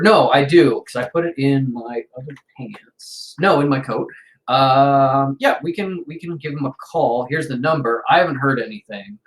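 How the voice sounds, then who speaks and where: Low-voiced, unhurried woman game master. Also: reverberant. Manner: loose, halting, many fillers. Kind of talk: narrating a tabletop game.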